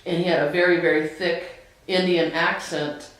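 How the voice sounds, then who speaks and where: A woman telling her family's story to the camera in a halting, earnest way, with many pauses and restarts. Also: lowish voice, level tone. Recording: very echoey room, voice from a distance.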